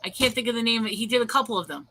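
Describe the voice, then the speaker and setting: A woman's voice: fairly high pitch, very fast, pushed and bright, no echo. A woman hosting a casual livestream chat, rambling and laughing often as she reads viewer comments aloud. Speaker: host.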